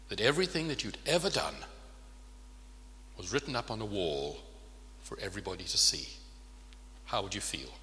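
A man preaches a sermon earnestly, often posing rhetorical questions to his listeners. His voice sits low with a sharp tone, and there's a little hiss or hum over the long reverb of a large hall.

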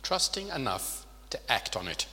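A man's voice: medium pitch, sing-song, normal speed, bright, forceful tone. A man preaching a sermon in an earnest way, often asking his listeners rhetorical questions. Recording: long reverb of a large hall.

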